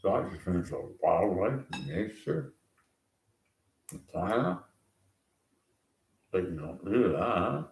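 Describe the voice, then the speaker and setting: Gravelly, slow-talking ranting man. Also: low voice, very animated, roomy sound. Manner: rambling, sarcastic, chuckling often. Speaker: vlogger. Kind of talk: rambling political rant.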